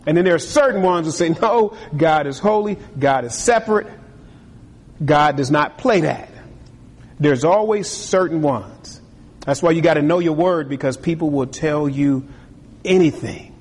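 A man preaching a sermon with a husky voice, lively and acting out other people's voices. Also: on the high side, unhurried. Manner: animated, acts out voices of tempters and the king. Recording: long hall reverb.

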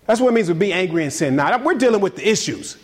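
Pastor, male, high voice, animated sermon delivery, repeats words for emphasis. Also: fast talker.

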